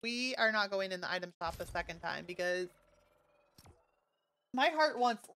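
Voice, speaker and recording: A woman streaming a video game live, chatting casually to her viewers and gushing excitedly over new items. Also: mid-range voice, normal speed, gravelly. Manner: bubbly, gushing and easily excited. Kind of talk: casual live-stream chat while playing.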